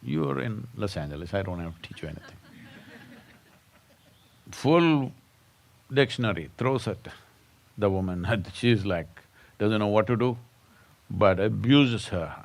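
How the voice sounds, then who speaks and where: Slow, lively-voiced spiritual teacher. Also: male voice, fairly low pitch, creaky. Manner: rhetorical, prods listeners with questions; storytelling with jokes. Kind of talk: satsang talk.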